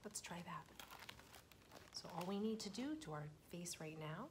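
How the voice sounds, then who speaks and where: A young woman leading a children's storytime as a librarian, speaking gently and slowly to small children and often dropping to a whisper. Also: on the low side, slight background noise.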